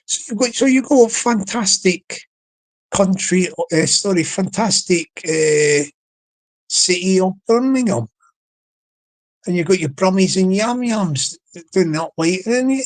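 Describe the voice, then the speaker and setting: Slow, rambling man chatting on a livestream. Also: sits high, low-quality recording. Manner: rambling, repeats words, chuckles often. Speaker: livestream host. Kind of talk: casual livestream chat.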